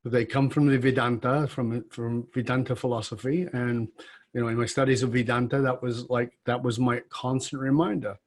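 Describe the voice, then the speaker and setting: A man's voice: mid-range voice, flat delivery, moderate pace. A man hosting a conversational interview, speaking reflectively and building to emphatic questions. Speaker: podcast host.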